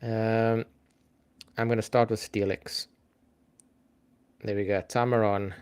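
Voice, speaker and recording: A man hosts a live trivia stream in easy, unhurried chat. His voice sits a little low, and he talks slowly, thinking aloud and calling out to viewers by name. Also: little pitch movement, a little mellow, clear, resonant tone. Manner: chatty, thinks aloud, reads out names and greets viewers.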